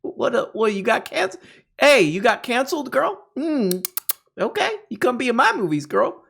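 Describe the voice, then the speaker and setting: A man voicing a smug male pundit who turns smooth and flirty on the phone. He talks in a sing-song swagger. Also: very high voice, big pitch swings, normal speed, fairly bright tone, voice pushed up, exaggerated voice.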